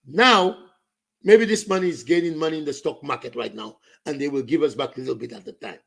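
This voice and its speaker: Saint lucian guy going off on politics, kinda high voice, rough and gravelly. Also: brisk, a bit bright. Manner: ranting, switching into Creole and French. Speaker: political commentator. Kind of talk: impassioned political rant.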